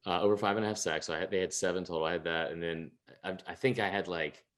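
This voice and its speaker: A young man co-hosts a sports podcast, chatting casually as he rambles, restarts often, swears a lot, and laughs at himself. His voice is low and fairly bright, steady in tone, and quick.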